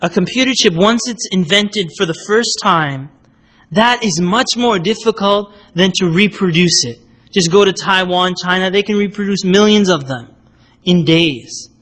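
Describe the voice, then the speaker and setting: A man's voice: high voice, unhurried, fairly bright tone. A man giving a conversational religious lecture, explaining points and checking in with his listeners by asking "right?". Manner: explanatory, asks "right?" often, acts out quotes. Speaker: Islamic lecturer.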